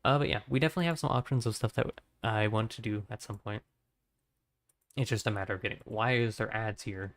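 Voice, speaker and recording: A man's voice: lowish voice, fairly quick. A man streaming his art session, chatting loosely with lots of fillers and signing off to viewers, his voice strained and tired. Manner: rambling, filler-heavy, friendly. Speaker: art livestreamer. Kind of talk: casual stream sign-off chat.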